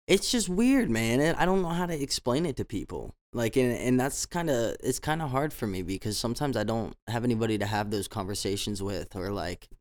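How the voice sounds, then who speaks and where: A man's voice: mid-range voice, expressive, brisk, few pauses. A man hosting his own show, telling casual stories in a loose, rambling way. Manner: rambling, many restarts and fillers. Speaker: podcast host. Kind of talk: casual storytelling monologue.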